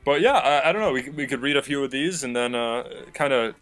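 A man's voice: medium pitch, a little fast, fairly bright tone, clean tone, faint music behind. A man co-hosting a podcast in casual chat, playful and hesitant, laughing often. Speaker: podcast co-host.

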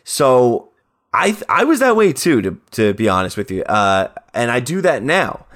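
Animated joking man on a podcast. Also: mid-range voice, moderate pace. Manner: animated, jokey, breaks into goofy put-on voices. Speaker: podcast co-host. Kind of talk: casual podcast banter.

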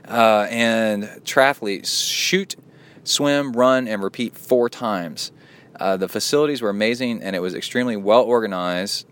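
A male podcast host with a fairly low, soothing voice, chatting loosely and playfully. He reads emails aloud and breaks in with quick joking asides. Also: fairly bright tone, clean tone. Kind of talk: casual podcast chat, reading listener emails.

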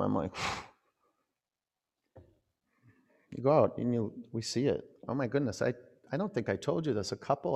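A man teaching a yoga class, calling out poses and chatting in a relaxed, rambling way between cues. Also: lowish voice, creaky, in a large hall.

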